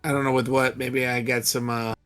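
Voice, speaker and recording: Bright-voiced man asking rules questions. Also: medium pitch, little pitch movement, clean tone, faint music behind. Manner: inquisitive, halting restarts. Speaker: player. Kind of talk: casual tabletop game chat.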